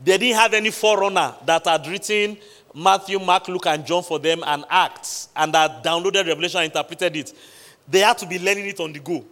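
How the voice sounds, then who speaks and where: A man preaching a midweek sermon, with emphatic pauses, quoting scripture and repeatedly questioning the congregation. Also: high voice, fairly bright tone. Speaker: pastor. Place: large church hall. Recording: long hall reverb.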